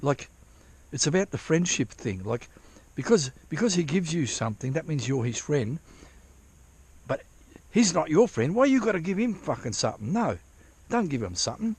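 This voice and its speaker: A man with a gravelly, husky voice talks outdoors at a dig site in light rain. He rambles in loose, profane asides, breaking off and restarting his sentences as he goes. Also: fairly high pitch, big pitch swings, moderate pace, a little mellow, no echo. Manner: rambling, profane, self-interrupting. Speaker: vlogger prospecting for gold. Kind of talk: casual rambling vlog.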